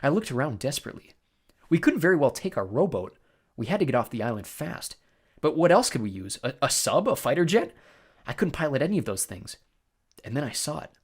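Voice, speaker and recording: A man giving expressive first-person storybook narration. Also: medium pitch, brisk, breathy edge.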